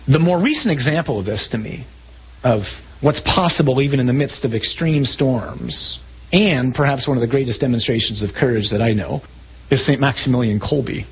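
A man preaching a sermon, telling stories with animated, acted-out scenes. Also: medium pitch, moderate pace, a little hiss or hum, rough recording. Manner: animated storytelling, acting out scenes with raised voice. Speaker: priest.

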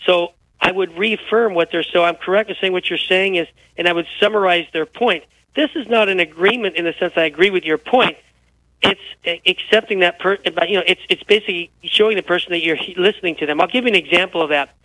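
Bright high-voiced man telling stories. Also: quick pace, no room sound, rough recording. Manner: animated, tells anecdotes with quoted dialogue. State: unwell, feels physically poor. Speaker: guest author. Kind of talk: radio interview storytelling.

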